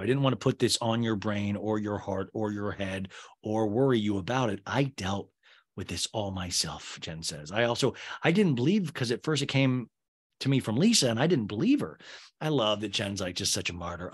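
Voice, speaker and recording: A man's voice: medium pitch, husky. A man hosting a comedy podcast, recapping a reality episode and acting out the cast's lines with sarcastic asides. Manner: animated, acts out quoted lines with sarcastic asides. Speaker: podcast host.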